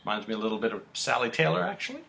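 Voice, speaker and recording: Gravelly lively man recapping a soap. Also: medium pitch, rapid-fire, slight background noise. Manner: animated storytelling, acting out quotes. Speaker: podcast co-host. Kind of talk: casual episode recap.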